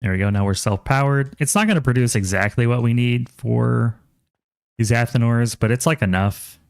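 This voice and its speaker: A man's voice: mid-range voice, normal speed, gravelly, clear, resonant tone, dry recording, clean studio sound. A man casually commentating on a game while streaming, chatty, thinking aloud and reading chat aloud.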